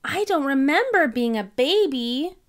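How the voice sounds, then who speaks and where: A woman voicing a small, excitable girl piglet in a storybook, using a high childlike voice. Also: a little slow, full character voice. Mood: excited.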